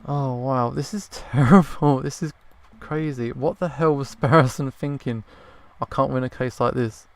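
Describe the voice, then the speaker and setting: A male let's play host commenting casually while he plays. He swears freely and laughs easily, at an average pitch. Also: steady tone, moderate pace, creaky, hardly any pauses.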